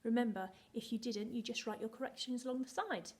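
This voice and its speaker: A woman's voice: fairly high pitch, fairly quick, darkish tone. A woman teaching a recorded phonics lesson to young children, in a sing-song, encouraging way, drawing out each letter sound. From England. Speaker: primary school teacher.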